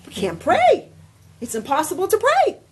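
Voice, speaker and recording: A woman's voice: very high voice, wildly swooping pitch, moderate pace, voice pushed up, heavily acted. A woman voicing a distraught pious male rabbi who pleads tearfully, in a noisy room recording. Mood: distressed.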